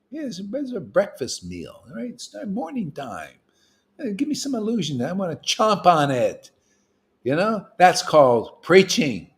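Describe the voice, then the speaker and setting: A man giving an informal, animated spiritual talk to a group, streetwise in tone and swinging between loud bursts and hushed asides. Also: fairly high pitch. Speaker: spiritual teacher leading a devotee meetup. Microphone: livestream mic.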